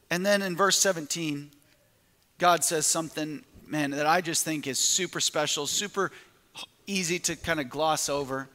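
A man preaching as lead pastor in a church sanctuary, tossing rhetorical questions to his congregation. His voice sits high and comes through bright and forceful. A long reverb trails his words through the hall. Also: normal speed. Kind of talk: sermon.

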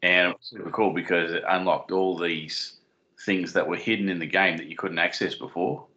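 Man, low voice, sharp tone, rambling podcast co-host. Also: fairly even intonation, normal speed, dull audio. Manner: rambling, giggly, self-deprecating. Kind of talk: casual podcast chat. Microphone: desk mic on a stand.

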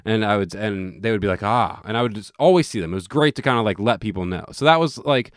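A man's voice: fairly low pitch, lively intonation, fast talker, clear, resonant tone, no room sound, clean studio sound. A man chatting casually as a podcast co-host, rambling and profane, with lots of restarts as he tells a story. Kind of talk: casual chat.

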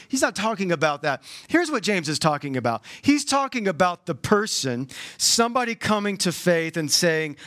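A man preaching a sermon with a notably high voice. He talks like he is chatting with the congregation and keeps leaping up in pitch. The sound is dry and close. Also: normal speed, hardly any pauses, dry recording. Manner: animated, conversational preaching with sudden jumps in pitch. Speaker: pastor.

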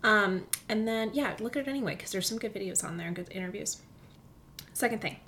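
A woman hosting a casual solo podcast from a comfy chair at home, chatty and excitable, often dropping to a near whisper. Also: mid-range voice, fairly quick, slight background noise. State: recovering from illness, walking with a limp. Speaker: podcast host. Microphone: studio microphone.

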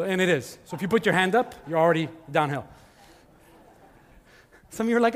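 A middle-aged male pastor giving a conversational sermon in a church, swinging from loud emphasis to hushed asides. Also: sits high, lively intonation, quick pace, pauses often. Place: church sanctuary. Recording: long hall reverb with faint music.

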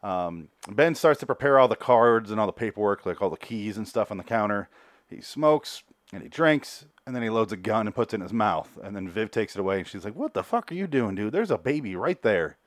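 Recorded in dry, studio-quality sound, a man with a fairly low voice reviews a TV show on his casual podcast. His recap rambles, drips with sarcasm and profanity, and includes quick impressions of characters' lines.

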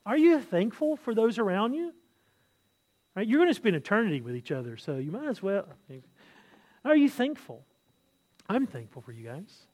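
A man's voice: sits high, very animated, moderate pace, long pauses, a little mellow. A married man preaching a sermon as pastor, earnest, repeating key phrases and often restarting his sentences. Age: adult, married.

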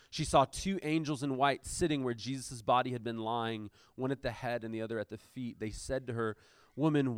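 A pastor with a medium-pitched voice delivers a conversational sermon, reading scripture aloud and pausing to explain it with casual asides and fillers. He moves between reading and lively commentary. The sound is clean, studio quality, with no room sound.

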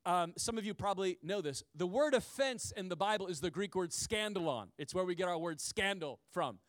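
A pastor delivers a sermon in a brisk, chatty, animated style, often making asides to his listeners. His voice is high for a man, and he repeats key lines for emphasis. The recording is dry, with no room echo.

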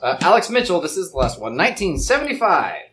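A man's voice: fairly high pitch, very animated, fast talker, fairly bright tone. A man hosting a podcast, reading out cases and joking with friends in loose, profane banter. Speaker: podcast host. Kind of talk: casual group chat. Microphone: podcast mic.

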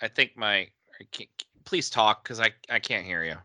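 A man's voice: fairly low pitch, animated, moderate pace, bright, forceful tone, dry recording, studio quality. A man chatting casually as a podcast co-host, often laughing and stumbling over repeated words. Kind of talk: casual chat.

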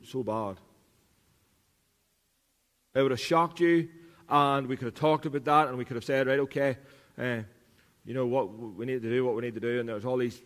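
A man's voice: medium pitch, in a large hall. A man preaching a sermon as pastor, earnest, repeating key lines for emphasis. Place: church.

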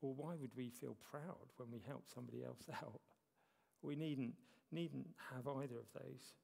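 A man's voice: medium pitch, fairly even intonation, moderate pace, gravelly, a little mellow. A man preaching a sermon as a church elder, talking conversationally with self-deprecating humor. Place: church hall. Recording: long reverb of a church hall.

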